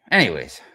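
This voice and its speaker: A man ranting as a streamer, swearing constantly, animated and exasperated. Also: on the low side, husky. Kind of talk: profane comedic rant.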